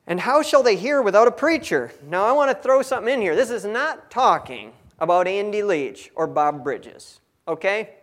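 A man's voice: high-pitched, very animated, normal speed, few pauses, a bit bright. A man giving a conversational Bible teaching, reading scripture and adding folksy asides. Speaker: preacher.

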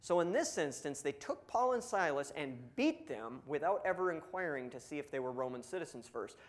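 A young man preaching a sermon, telling stories in an animated way and acting out the people he quotes. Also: fairly high pitch, brisk. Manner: animated storytelling, acts out quotes. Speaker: pastor.

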